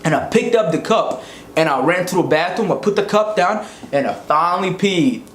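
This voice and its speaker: A man from Africa telling comedic stories in an animated, slangy, profane way. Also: high-pitched, normal speed. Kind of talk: casual comedic storytelling. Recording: echoey room, faint noise.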